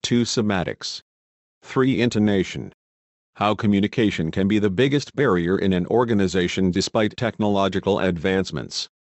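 A man reads a scripted lesson in a somewhat low voice, steady and explanatory, pausing to voice example sentences. The sound is dry and close, with no room echo. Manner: measured, explanatory reading with spoken examples. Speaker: teacher. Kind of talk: scripted educational narration.

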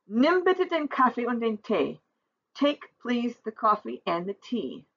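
A woman's voice: fairly high pitch, big pitch swings, slow pace, gravelly, fairly bright tone, husky, muffled recording. A woman teaching a German grammar lesson from a textbook, reading example sentences aloud and explaining them step by step.

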